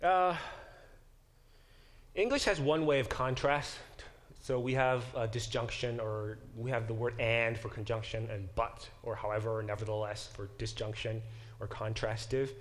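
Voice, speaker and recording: A man's voice: medium pitch, steady tone, moderate pace. A man teaching a Bible class as a professor, explaining words and passages, questioning his students and correcting himself as he goes. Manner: engaged, questions the class directly; corrects himself mid-sentence.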